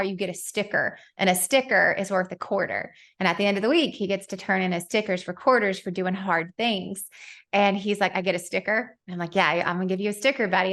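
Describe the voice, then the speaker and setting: A woman in her thirties hosting a podcast, telling a family story in a lively, laughing way. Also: medium pitch. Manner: animated storyteller, laughs often. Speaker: podcast host. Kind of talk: casual interview chat.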